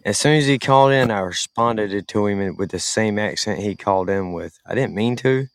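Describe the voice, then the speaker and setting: A man's voice: fairly low pitch, moderate pace, dry recording, studio quality. Laid-back man saying "dude" a lot. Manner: laid-back, says "dude" constantly, laughs while talking. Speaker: radio show host. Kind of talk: casual storytelling chat.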